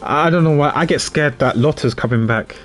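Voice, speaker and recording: A man's voice: on the high side, moderate pace, soft background music. A man chatting casually while streaming a game, laughing easily. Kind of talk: casual gameplay commentary.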